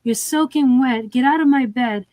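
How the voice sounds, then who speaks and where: A woman's voice: sits high, moderate pace, darkish tone, dry recording, close to an everyday voice. A woman reading out the lines of a cruel old grandmother scolding a boy, in a harsh and commanding way.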